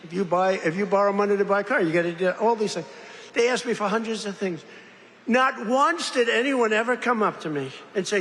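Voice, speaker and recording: A man's voice: high-pitched, fairly quick, fairly bright tone. An older man giving a rambling, boastful political speech with mocking asides, in a large industrial hall. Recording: echoey hall, faint crowd ambience.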